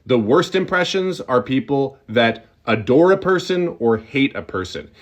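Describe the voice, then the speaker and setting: A man's voice: mid-range voice, animated, measured pace. A young adult man giving a comic tutorial on doing an impression, instructional and breaking off to demonstrate.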